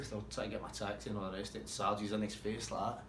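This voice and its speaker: A man's voice: fairly low pitch, very fast, reverberant. A man telling a rambling, swear-heavy anecdote in a casual way. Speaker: storyteller.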